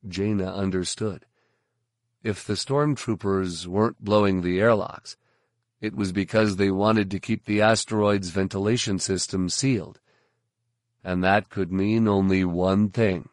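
A man reading a science fiction novel aloud, with measured, steady storytelling. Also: low voice, no echo, studio quality. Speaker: audiobook narrator. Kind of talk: scripted narration.

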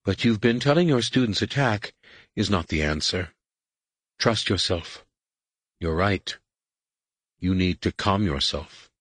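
A man voicing a calm female alien healer, soothing and steady. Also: low voice, measured pace, pauses often, no room sound.

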